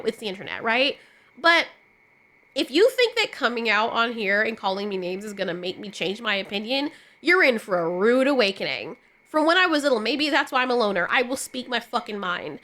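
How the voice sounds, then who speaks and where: A woman's voice: high voice, pushed and bright. A woman YouTube commentator in a casual opinion rant, blunt and sarcastic, swearing freely.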